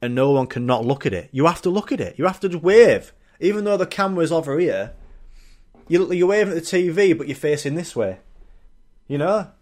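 A young man with a lively, bouncing delivery and a slightly raised pitch. He riffs in a loose, sweary comic ramble as a podcast host. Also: fairly quick. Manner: rambling, jokey, sweary, animated. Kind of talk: casual comedic monologue.

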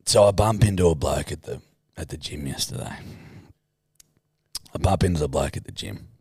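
A man's voice: extremely low pitch, expressive, normal speed, gravelly, darkish tone, slightly rough, no echo, studio quality. A young man co-hosting a podcast, swearing freely and acting out his own stories in casual banter. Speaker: podcast co-host.

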